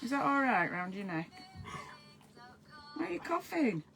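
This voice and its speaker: A woman's voice: fairly high pitch, very animated, measured pace, vocal fry, fairly bright tone, low-quality recording. A woman hosting a casual live stream, chatty and giddy, fussing over her pets between greetings to viewers. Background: faint Halloween music.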